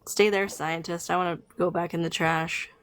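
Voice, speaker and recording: A woman's voice: fairly low pitch, little pitch movement, normal speed, a little hiss or hum. A woman co-hosting a casual livestream chat, teasing and sarcastic, talking on a phone. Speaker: livestream co-host.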